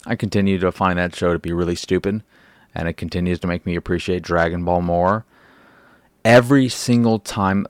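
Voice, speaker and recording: Low-voiced man rambling on a podcast. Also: dry recording. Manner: rambling, with restarts and casual swearing. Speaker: podcast host. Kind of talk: casual solo podcast chat.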